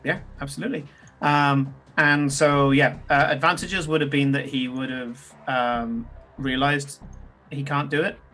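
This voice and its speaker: A man's voice: mid-range voice, steady tone, measured pace, sharp tone, soft background music. A man narrating as game master in a tabletop game, talking loosely with fillers and restarts. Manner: loose, descriptive, many ums and restarts.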